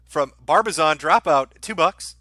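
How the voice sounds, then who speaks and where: A man reading viewer messages on a livestream, his voice bright and forward and set a bit high for a man. He is dry and sardonic, chuckling now and then. The sound is close and dead, with no room echo. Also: lively intonation, unhurried. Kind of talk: casual livestream chat.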